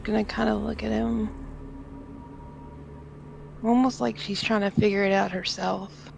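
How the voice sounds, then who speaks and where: A woman's voice: mid-range voice, fairly even intonation, measured pace, vocal fry, a little mellow, a little hiss or hum, low-quality recording. A woman playing a tabletop game who describes her character's actions casually, with lots of fillers. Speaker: player.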